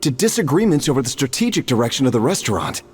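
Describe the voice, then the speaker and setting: An actor playing a calm young man explaining a legend, husky, in game audio with reverb. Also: medium pitch, fast, faint music behind.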